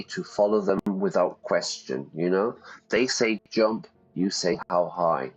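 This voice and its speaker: A man with a low, slightly husky voice reads in-game text aloud and stops to explain vocabulary in a relaxed, teacherly way. The sound is dull and lo-fi, with faint music underneath. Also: a little slow. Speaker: English teacher.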